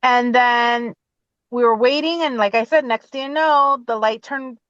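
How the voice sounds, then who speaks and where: A woman in her forties, a podcast guest talking from her car, telling her own story in an animated way and acting out what she said. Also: fairly high pitch, a little slow, no echo, muffled recording.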